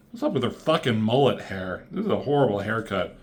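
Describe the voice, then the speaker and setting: A man's voice: fairly low pitch, big pitch swings, a little fast, a little hiss or hum. Sarcastic, foul-mouthed male comic reviewer. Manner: profane, sarcastic asides. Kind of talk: casual comedic recap.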